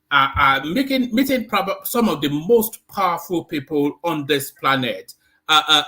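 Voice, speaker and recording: Man, host, bright tense tone, slightly high, repeats words, pointed questions. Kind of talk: casual live discussion.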